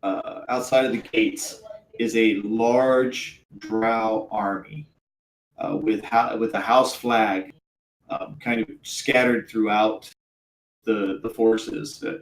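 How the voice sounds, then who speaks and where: A man narrating a tabletop game as game master, hesitant and full of ums and uhs. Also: on the low side. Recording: roomy echo, faint background hum.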